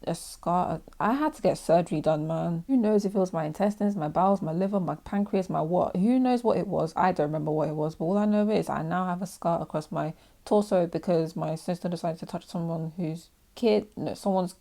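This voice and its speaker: Chatty young woman, mellow voice. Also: fairly quick, creaky. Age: young adult. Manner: chatty, self-mocking, laughs often, acts out quotes in a high voice. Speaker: art vlogger. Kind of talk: casual chat while drawing.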